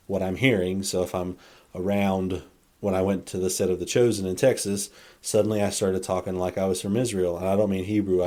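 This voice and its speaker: A man's voice: sits low, dark tone. A man hosting a faith podcast, talking earnestly in a rambling monologue with frequent restarts and self-corrections. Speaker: podcast host.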